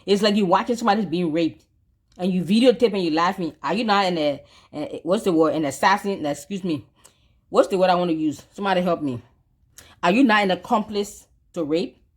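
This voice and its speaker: A woman from Africa with a somewhat low voice delivers fervent social commentary on her channel. She talks in a preachy, insistent way and circles back on her own words to drive each point home. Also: a little fast, husky. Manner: passionate and preachy, repeating her phrases for emphasis. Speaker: vlogger.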